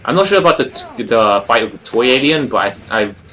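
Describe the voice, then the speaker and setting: A young man giving a casual, rambling video review of a friend's short film, expressive and full of fillers. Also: medium pitch, a little fast.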